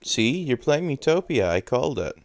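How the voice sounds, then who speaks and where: A British man talking to his viewers on a live game stream in an average-pitched voice that swoops up and down a lot. He jokes and teases in a playful, animated way. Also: normal speed. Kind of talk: casual live-stream chat.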